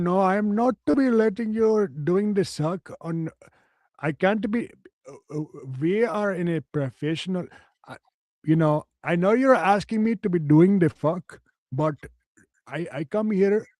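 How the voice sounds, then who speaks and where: A man's voice: on the high side, sing-song, moderate pace, hardly any pauses, darkish tone, no echo. A man voicing a flustered, prim male office worker who talks in a stiff, overly formal way. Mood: protesting.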